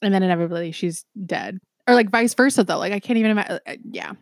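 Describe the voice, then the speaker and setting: A woman's voice: mid-range voice, no room sound, clean studio sound. A woman co-hosting a podcast, telling a true-crime case casually with many ums and restarts. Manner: chatty, many ums, swears, quick laughs. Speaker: podcast co-host.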